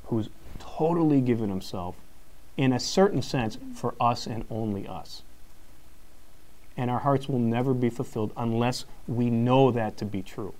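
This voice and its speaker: A man, a high school teacher, giving a live conference talk, telling a story and acting out each exchange with frequent laughs. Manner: animated storyteller, acts out quotes, laughs often.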